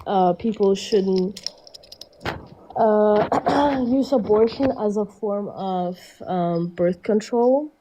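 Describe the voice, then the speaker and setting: Teenage girl, caller, stuffy from a cold, slow hesitant speech, mellow tone, lots of ums. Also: mid-range voice, a little hiss or hum, rough recording. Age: teens. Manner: hesitant, filler-heavy. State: stuffy, sick. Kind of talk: casual call-in debate.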